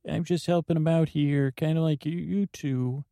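A man's voice: on the high side, steady tone, normal speed, creaky, dark tone, no echo, clean studio sound, pitched above the performer's own voice. A man voicing a goofy, eager grown man with a folksy, chirpy manner in an improvised comedy scene. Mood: chirpy host. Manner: folksy, chirpy, says buckaroos and bucko.

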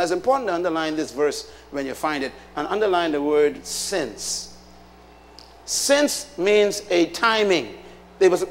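High-voiced preacher man in a reverberant hall. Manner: emphatic, rhetorical questions to the congregation. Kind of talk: sermon.

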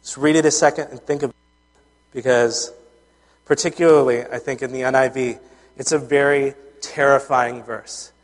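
A man's voice: medium pitch, steady tone, moderate pace. Male pastor, conversational sermon, mid-range voice, reverberant hall sound. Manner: earnest, conversational, with frequent fillers and restarts.

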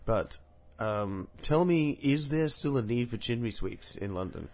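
A man's voice: mid-range voice, lively intonation, measured pace. A man co-hosting a podcast in casual chat, teasing his partner with dry jokes. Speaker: podcast co-host.

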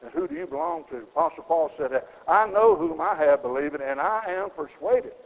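A middle-aged man preaching a sermon, folksy, with sudden high emphatic rises in his gravelly voice. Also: big pitch swings, moderate pace, hardly any pauses, in a large hall, low-quality recording.

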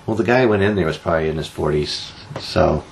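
A man's voice: deep voice, fast, creaky, a little hiss or hum. A man co-hosting a casual talk show, reading odd news stories and teasing his co-host. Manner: jokey, teasing, animated storytelling. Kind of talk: casual banter.

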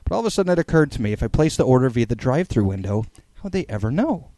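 Man reading a comic blog, mellow voice. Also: mid-range voice, very fast, dry recording. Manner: playful, animated storytelling. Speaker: podcast host reading a blog aloud. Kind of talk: dramatic comic reading with chat.

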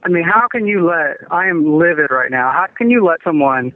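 A man's voice: on the high side, animated, normal speed, no room sound. A man on a phone call, complaining and growing exasperated, often stammering. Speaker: prank call target. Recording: tinny phone line with faint hiss.

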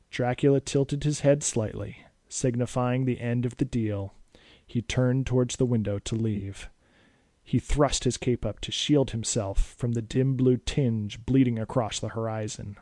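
A man narrating a scripted spooky story in a brisk, steady way. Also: mid-range voice, dry recording, studio quality.

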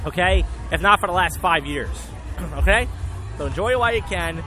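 A high-voiced man from Philadelphia talks into his phone outside a bar, rambling and cursing freely, now and then breaking into shouts. Loud music and street noise fill the background of this outdoor recording. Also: expressive, fairly quick. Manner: profane, rambling, bursts of shouting. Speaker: vlogger. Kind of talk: casual rambling recap. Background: loud music and traffic.

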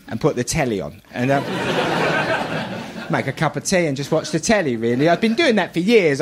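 A man's voice: mid-range voice, heavy background noise. A middle-aged man with a Cockney accent, telling a stand-up comedy routine in a chatty, storytelling way on a theatre stage. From London. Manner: chatty storyteller, laughs at his own jokes. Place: theatre stage with a laughing audience.

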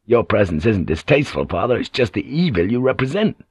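A man's voice: lowish voice, big pitch swings, a little fast, breathy edge, no room sound. A man playing a blunt, urgent English pilot. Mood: forceful. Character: English ship's pilot, bold and impatient.

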